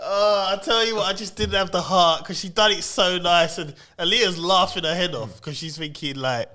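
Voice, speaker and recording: A man's voice: sits high, moderate pace, bright, forceful tone. A man co-hosting a podcast, playful and self-mocking in casual banter. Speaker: podcast co-host.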